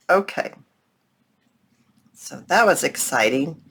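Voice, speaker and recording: A woman's voice: medium pitch, lively intonation, takes it slowly, pauses often, a little hiss or hum. A woman hosting a casual craft tutorial, chatting to her viewers as she works and teasing herself along the way. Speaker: crafting channel host.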